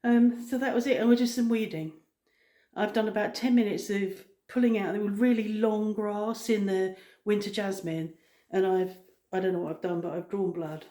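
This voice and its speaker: A middle-aged woman chatting casually to her viewers, rambling with many pauses and ums. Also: mid-range voice, fairly even intonation, reverberant. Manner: rambling, frequent ums, soft-spoken. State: out of breath. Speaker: vlogger. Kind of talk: casual chat.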